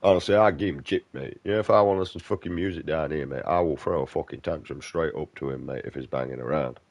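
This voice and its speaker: A man's voice: a bass voice, fast, creaky, no room sound. A man giving casual gameplay commentary, ranting bluntly and swearing a lot. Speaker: game streamer.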